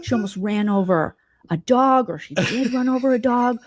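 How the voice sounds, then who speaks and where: A woman's voice: a little high, moderate pace, slight background noise. A woman hosting a livestream, telling gossip in a mocking comedic style. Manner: mocking, animated, puts on voices for quotes. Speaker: livestream host.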